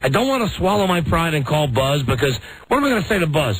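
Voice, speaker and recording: A middle-aged American man hosting a radio talk show, telling a self-mocking story in a lively, animated way. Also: fairly high pitch, quick pace, a little hiss or hum, low-quality recording. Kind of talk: casual on-air storytelling.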